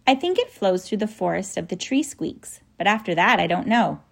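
A woman voicing a kindly, eccentric old male professor who coaxes and explains gently in a storybook reading, with a gravelly edge. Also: medium pitch, normal speed. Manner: gentle, coaxing, excitable.

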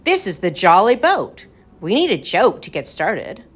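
A woman voicing a jolly, excitable old male professor who booms and laughs at his own jokes. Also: unhurried, slightly rough, heavily acted. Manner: hearty, booming, laughing.

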